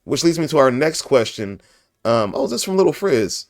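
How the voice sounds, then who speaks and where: A man's voice: mid-range voice, big pitch swings, fairly quick, dry recording. Goofy joking podcast host, a man. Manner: joking, goofy, laughs often. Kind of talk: casual podcast chat.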